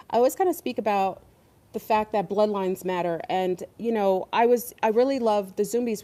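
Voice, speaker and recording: Dark-voiced woman hosting a rambling livestream. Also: mid-range voice. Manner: rambling, emphatic, many fillers. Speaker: online show host. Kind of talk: casual livestream talk.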